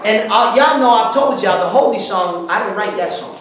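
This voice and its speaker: A man preaching an informal sermon, telling stories in slangy talk, breaking into song and shouts as he retells them. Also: sits high, normal speed, heavy background noise. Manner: animated, bursts into song and shouts while retelling. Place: church hall. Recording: very echoey hall, mic at a distance.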